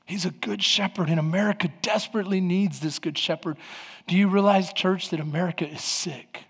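A man's voice: high voice, fairly even intonation, brisk, husky, big-room sound. A man in his forties preaching a sermon as pastor, calling out to the congregation with rising fervor. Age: 40s.

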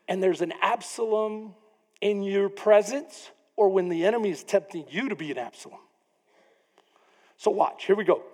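High-voiced preaching man, hall reverb. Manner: animated preaching, acts out quoted voices. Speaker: pastor. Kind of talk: sermon. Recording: long reverb of a church hall.

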